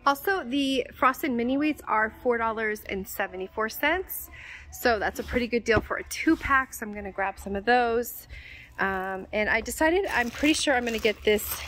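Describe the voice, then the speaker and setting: A woman's voice: fairly high pitch, normal speed, fairly bright tone, a little hiss or hum, rough recording. A woman chatting eagerly to viewers as she walks through a large warehouse store, filming on a handheld phone. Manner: gushing, chatty, addresses viewers as "you guys". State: out of breath. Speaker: vlogger. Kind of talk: store walk-through vlog.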